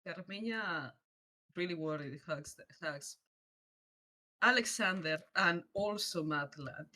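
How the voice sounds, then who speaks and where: Slow, laughing role-play player, woman. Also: lowish voice, sharp tone. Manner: hesitant, laughs often. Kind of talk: casual tabletop role-play narration.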